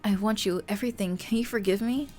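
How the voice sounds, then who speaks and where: A woman's voice: medium pitch, fast, a little mellow, natural voice. A woman reading a bashful lovestruck young man. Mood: tender. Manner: breathless, shaky confessions. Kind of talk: reading a romance game aloud.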